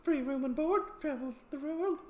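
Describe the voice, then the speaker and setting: A man voicing a polite two-faced carnival sideshow man in a video game, speaking in a genteel, gently amused way. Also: very high voice, moderate pace, echoey room, voice pushed up. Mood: politely amused.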